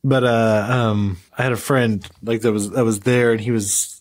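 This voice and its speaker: A man's voice: on the low side, steady tone, normal speed. A man co-hosting a casual beer podcast, telling a story in a rambling way with restarts. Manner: rambling, many restarts and fillers. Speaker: podcast co-host.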